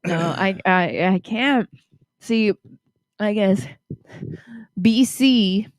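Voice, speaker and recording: A woman's voice: mid-range voice, very slow, no echo, clean studio sound. A drunk woman chatting casually on a podcast, giggling and rambling into a handheld mic. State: tipsy, drunk. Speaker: guest reader.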